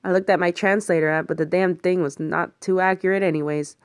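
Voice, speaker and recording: A woman's voice: lowish voice, brisk, smooth, no room sound, studio quality. A woman reading a first-person thriller audiobook aloud, voicing the other characters herself. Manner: lively, voices the other characters and swears in the heat of the story. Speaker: audiobook narrator. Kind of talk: first-person story narration with character voices.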